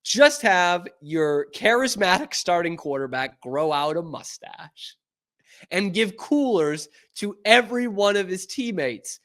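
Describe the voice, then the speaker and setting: A man hosting a sports podcast, talking in a chatty, animated way and laughing often. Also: sits high, measured pace. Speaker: podcast host. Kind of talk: casual sports commentary.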